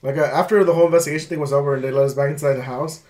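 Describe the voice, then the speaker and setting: A young man who works in pest control, recounting events in relaxed, profane casual chat with many "um"s and "uh"s. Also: on the high side, racing. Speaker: podcast co-host, pest control worker.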